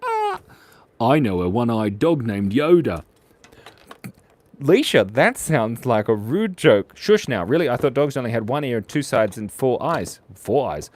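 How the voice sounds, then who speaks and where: Excitable man, lively pitch. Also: measured pace. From Australia. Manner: excitable, playful, chatty with viewers. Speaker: livestream drawing host. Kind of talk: live-streamed drawing chat.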